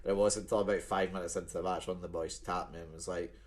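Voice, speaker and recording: Young Scottish podcast co-host, very low-pitched, sweary storyteller. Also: male voice, steady tone, rapid-fire. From Scotland. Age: 20s. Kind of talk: casual chat.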